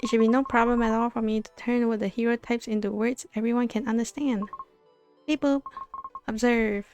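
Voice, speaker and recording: A woman's voice: fairly high pitch, fairly even intonation, brisk, a little mellow, faint music behind, close to an everyday voice. A woman voicing a cheerful talking relic in a game that says beep boop. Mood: chirpy. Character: cheerful beeping talking relic, helpful and proud.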